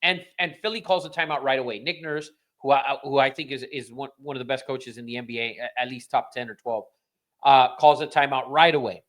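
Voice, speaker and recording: A man's voice: mid-range voice, brisk, fairly bright tone. A man hosting a podcast, ranting in casual, profane chat that rambles with restarts. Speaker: podcast host.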